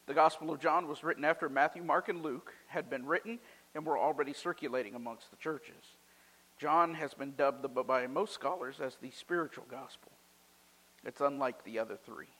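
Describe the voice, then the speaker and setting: A man preaching a sermon as pastor, telling a story with lively, loudly acted quotes. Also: fairly high pitch, normal speed, big-room sound, poor audio.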